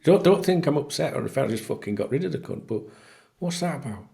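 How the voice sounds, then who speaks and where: A man's voice: on the high side, expressive, quick pace, gravelly, warm tone. A man talking casually to camera as a football fan vlogger, blunt and exasperated, swearing freely. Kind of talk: casual solo talk to camera.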